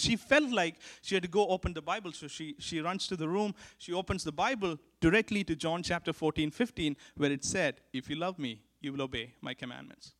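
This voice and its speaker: A man preaching to his church in an earnest sermon, his voice sitting a little higher than most men's. He drives his points home by repeating them. He shifts between forceful calls to act and soft, close asides. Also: a little fast, few pauses. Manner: earnest, repeats key lines for emphasis; swings from emphatic to hushed. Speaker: pastor.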